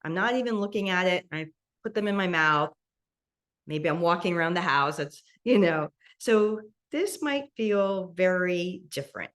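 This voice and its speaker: Gentle woman guiding a mindful eating class. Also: lowish voice, lively intonation. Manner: slow, gentle guiding with soft laughs. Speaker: meditation instructor. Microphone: video call.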